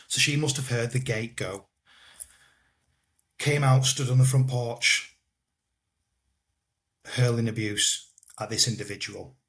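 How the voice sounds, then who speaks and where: Man, guest, personal story, halting delivery with repeats and soft trailing endings. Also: mid-range voice. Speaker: guest telling his life story. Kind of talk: personal storytelling in a podcast interview.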